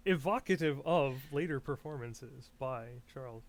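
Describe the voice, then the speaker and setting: A man's voice: mid-range voice, moderate pace. A man co-hosting a podcast in casual chat, given to dry, wry asides. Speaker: podcast co-host.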